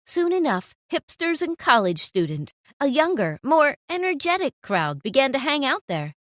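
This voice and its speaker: Animated woman storytime narrator. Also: high-pitched, moderate pace, dry recording, clean studio sound.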